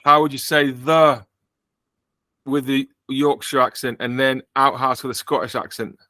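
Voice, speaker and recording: British male podcast host, bright sound, dry close mic, jokey and rambling. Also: medium pitch, little pitch movement, a little slow, no echo. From Britain. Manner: joking, rambling with self-corrections. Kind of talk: casual chat.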